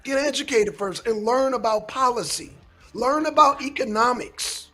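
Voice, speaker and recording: A man's voice: very high-pitched, normal speed, bright, forceful tone, soft background music. A man hosting a casual political commentary show, lecturing his listeners emphatically and swearing often.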